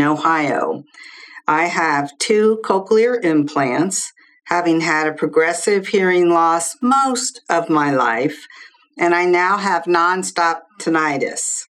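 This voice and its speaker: A woman who is a social worker, a guest expert giving measured, explanatory interview answers. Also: fairly low pitch. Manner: measured, explanatory, lists figures clearly.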